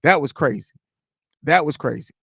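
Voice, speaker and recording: A man's voice: on the high side, moderate pace, vocal fry, fairly bright tone, breathy edge, dry recording. Joking man host, dry close sound. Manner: loose, joking, storytelling with swearing. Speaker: podcast host. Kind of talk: casual live-stream chat.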